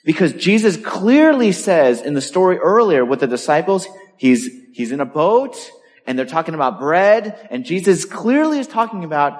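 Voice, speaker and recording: Animated preaching man in a reverberant hall. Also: on the high side. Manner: animated, emphatic preaching with slowed stresses. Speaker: pastor. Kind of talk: sermon.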